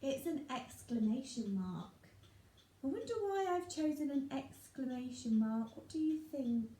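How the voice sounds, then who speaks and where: A woman teaching young children phonics, sounding out letters and words slowly and clearly. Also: high voice, expressive, dark tone, echoey room, slight background noise. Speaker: primary school teacher.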